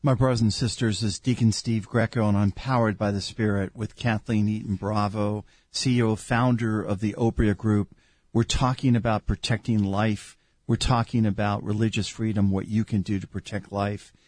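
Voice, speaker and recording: A man's voice: lowish voice, steady tone, moderate pace, darkish tone, dry recording. A man hosting a religious talk show as a deacon, speaking in an earnest, preacherly way. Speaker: host and deacon.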